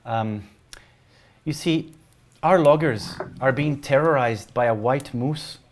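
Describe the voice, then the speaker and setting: A man's voice: medium pitch, slow, a little hiss or hum, natural voice. A man voicing a friendly, chatty halfling woman who leads her town, with a Scottish accent and a welcoming manner. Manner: chirpy, welcoming.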